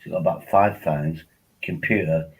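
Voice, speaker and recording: Low husky man rambling. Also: steady tone, normal speed, rough recording. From England. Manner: rambling, joking, repeats himself. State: tipsy on wine. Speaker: livestream host. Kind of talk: casual livestream chat.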